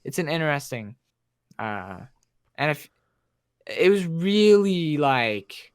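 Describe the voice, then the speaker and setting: A man co-hosting a casual podcast, rambling excitedly with lots of "like" and restarts. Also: a little high, takes it slowly, clear, resonant tone, no room sound, studio quality. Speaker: podcast co-host.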